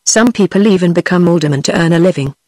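A woman's voice: on the low side, fast, darkish tone, no echo, lightly acted. A woman with a British English accent, a synthetic voice, reading the lines of an earnest young girl in a storybook. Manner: earnest, reproving.

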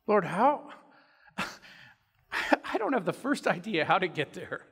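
Thomas, a lost and confused disciple, pleading in a fairly high voice for directions, with long church reverb behind him, as a man preaching puts him on. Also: sing-song, slow, fairly bright tone, slightly rough, full character voice.

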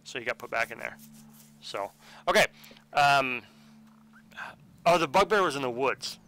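A man's voice: mid-range voice, lively intonation, measured pace, pushed and bright. A man hosting a tabletop card game playthrough, reading card text aloud, counting dice rolls and speaking patiently to a child at the table. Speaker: host running the card game.

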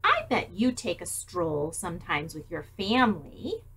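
A woman reading a picture book aloud to young children, animated and asking them questions. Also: on the low side, measured pace, a little hiss or hum. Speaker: storytime reader.

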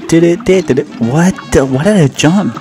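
With game music behind him, this gaming channel host talks at a moderate pace in a slightly high voice with a dark tone. He narrates his play casually, mocking himself and repeating words as he goes.

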